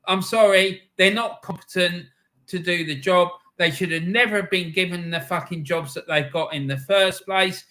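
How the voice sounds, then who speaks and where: A man's voice: high-pitched, normal speed. A middle-aged man, hosting a live stream and reading out chat messages in an angry, swearing rant. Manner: angry ranting with heavy swearing; shouting.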